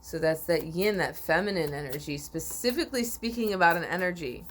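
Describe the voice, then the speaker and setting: A woman giving a spiritual oracle card reading to viewers, sleepy and yawning, rambling with repeats and restarts and often clearing her throat. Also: on the low side, brisk, fairly bright tone, a little hiss or hum.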